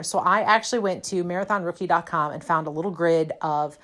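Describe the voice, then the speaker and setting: With a lowish, slightly bright voice and a little fast pace, a woman who teaches fitness chats through a personal story, poking fun at herself and using lots of fillers. She lives in a cold, snowy city.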